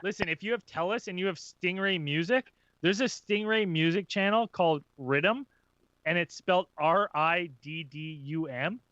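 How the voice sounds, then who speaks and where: A man's voice: sits high, normal speed, fairly bright tone, no echo. A man on a podcast in casual chat, speaking eagerly and cutting in, on a dull lo-fi recording. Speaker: podcast co-host.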